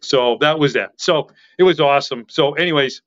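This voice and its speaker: A man talking as a podcast guest in casual chat, excitable and rambling, with a loud voice that carries. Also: fairly high pitch, moderate pace, muffled recording.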